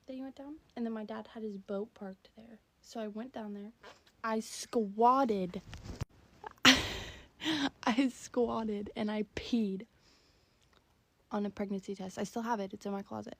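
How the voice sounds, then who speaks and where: Giggly young woman with gravelly fry. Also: mid-range voice, fairly even intonation, fast, warm tone, slight background noise. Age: about 20. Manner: giggly, chatty, full of "like". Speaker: stay-at-home mom. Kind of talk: casual storytime.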